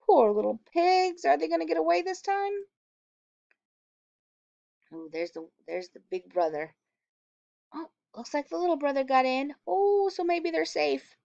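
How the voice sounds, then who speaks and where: A woman teacher reading a storybook aloud to children, expressive and animated, stopping to ask them questions. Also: sits high, a little slow, vocal fry, pauses often, no room sound. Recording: dull, dry lo-fi recording.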